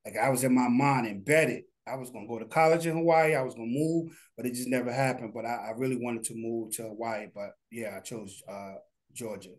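A middle-aged man speaks in an unhurried, rambling way, full of fillers and restarts. His voice sits at an ordinary middle pitch. He is a guest on an interview show. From New Jersey. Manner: relaxed, rambling, many fillers. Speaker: guest, animation studio founder. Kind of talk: casual interview talk.

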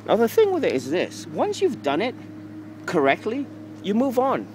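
A man's voice: sits high, normal speed, rough recording. A man, ranting to the camera in a rambling, profane, casual way while outdoors in a city. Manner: profane, rambling, lively delivery. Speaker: vlogger. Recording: street noise behind.

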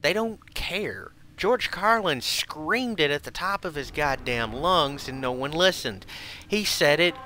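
A man's voice: fairly high pitch, lively intonation, a little slow, pushed and bright, slight background noise. A man streaming a game and ranting angrily with constant swearing. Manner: profane, heated ranting. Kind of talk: angry ranting while gaming.

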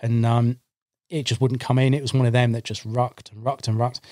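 Speaking at a fairly quick clip, a carp angler appearing as a podcast guest casually relates a fishing trip, performing his own past remarks with animation. The studio microphone gives a dry, close sound without echo, and his pitch is ordinary and middle-range.

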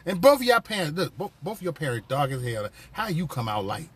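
A man's voice: on the high side, sing-song, fairly quick, a bit bright, breathy edge. A man hosting a casual live stream from his phone, talking loosely in profane, rambling banter with viewers. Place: on a work break, vehicle sounds nearby.

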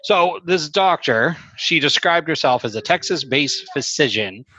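A man's voice: on the high side, lively intonation, measured pace, pushed and bright, husky, low-quality recording. A man co-hosting a podcast, giving blunt, profane opinions in casual chat. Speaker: podcast co-host.

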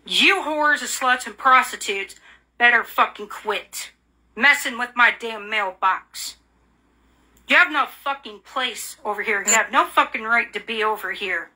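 A woman's voice: on the high side, measured pace, pushed and bright. A woman in an angry, profane rant, hurling repeated insults and accusations. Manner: furious, profane, repetitive insults; bitter, accusing.

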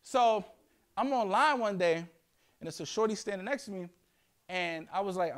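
Animated young New York man telling stories. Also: sits high, brisk. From Yonkers, New York. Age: young adult. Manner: animated, slangy, playful storytelling. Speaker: guest speaker. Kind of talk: storytelling talk to students. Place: school classroom.

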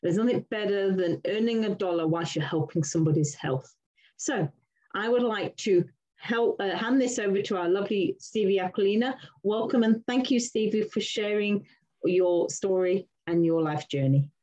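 A woman hosting a video call, introducing the next presenter in an unhurried way. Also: mid-range voice, mellow, muffled recording.

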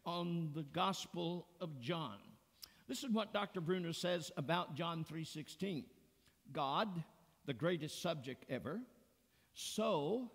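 A man preaching a sermon as pastor in a church sanctuary, earnest and deliberate, pressing hard on key words. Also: on the high side, creaky. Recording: long church reverb.

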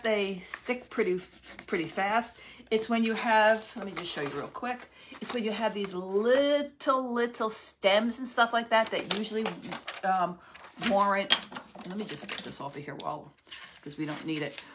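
Woman, craft host, casual live demonstration, talks while working, noticeable background noise. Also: medium pitch.

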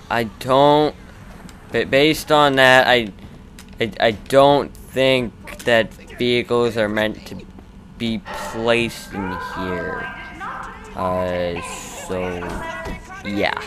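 Rambling, stammering young gaming host. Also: male voice, on the low side, fairly bright tone, slight background noise. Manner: rambling, stammering, self-correcting. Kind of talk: gameplay commentary.

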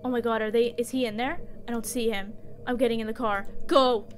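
Playing a horror game on stream, this woman keeps up a jokey commentary, chatting to the game and shrieking at jump scares. Her voice sits on the high side with a steady tone and quick pace, and there's a little hiss or hum in the recording.

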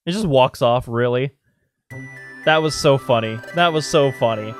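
A man's voice: mid-range voice, takes it slowly, vocal fry, pauses often, soft background music. A man giving casual, joking gameplay commentary as a let's player, laughing often. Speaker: video game let's player.

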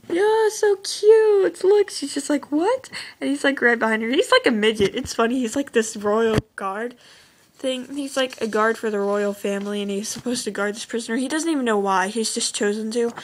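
A teenage girl with a fairly high voice talks casually through her own artwork. She gushes and rambles, filling her sentences with "like" and "oh my gosh". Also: a little fast, a little hiss or hum, poor audio. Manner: gushing, rambling, full of "like" and "oh my gosh". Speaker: vlogger showing her drawings. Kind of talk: casual chat.

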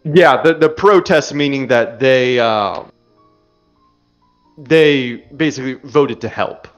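A man narrating a tabletop game as game master, calm and descriptive. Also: medium pitch, slow pace, soft background music.

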